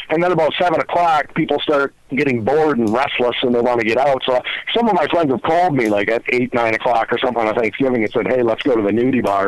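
Regular male guest, quick deadpan talker, dry close mic. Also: mid-range voice, dry recording, low-quality recording. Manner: deadpan, crude banter. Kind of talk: casual chat.

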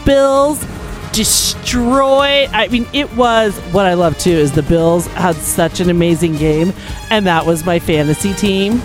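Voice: medium pitch, fairly even intonation, measured pace, faint music behind. A podcast co-host chatting playfully about the football playoffs in a hyped, teasing way. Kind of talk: casual chat, sports recap.

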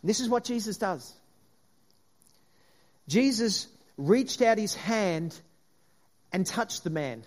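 Higher-voiced earnest male preacher. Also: lively intonation, takes it slowly, long pauses, a little mellow. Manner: earnest, repeats words, frequent "if you like". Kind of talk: sermon.

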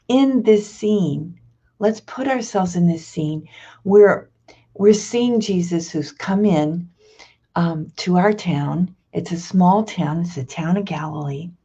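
A woman leads a prayer and scripture reflection in a low, gravelly and husky voice. She speaks slowly and thoughtfully, pausing and restarting as she goes. The recording sounds dull and lo-fi. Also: warm tone. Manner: slow, reflective, with hesitant restarts. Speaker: prayer leader.

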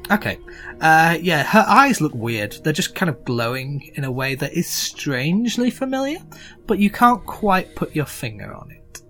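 A man's voice: on the high side, sing-song, moderate pace, sharp tone, faint music behind. A man narrating a tabletop game as game master, rambling with many fillers.

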